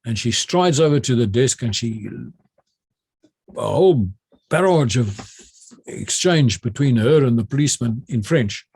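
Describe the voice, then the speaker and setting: A man's voice: medium pitch, unhurried, husky. An older man with a South African accent, a retired army general telling a story animatedly, with many restarts. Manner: animated retelling, many restarts and repeated words. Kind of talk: anecdotal storytelling.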